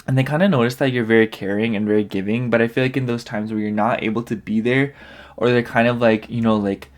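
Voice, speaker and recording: Guy doing a chill tarot reading, mid-pitched voice, rambles and says like a lot. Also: fairly even intonation, fast. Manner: rambling, filler-heavy, leans on "like" constantly. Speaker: tarot reader. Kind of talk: casual pick-a-card tarot reading.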